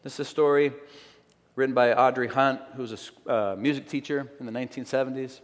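A man giving a sermon, telling a story aloud in an earnest, slow, emphatic way. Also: medium pitch, fairly even intonation. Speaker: preacher. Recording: long hall reverb.

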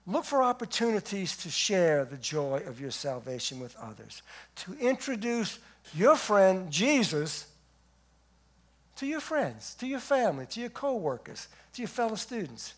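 A man preaching a sermon as pastor in a church, swinging from emphatic loud passages to quiet ones. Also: high voice, very animated, normal speed. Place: church sanctuary.

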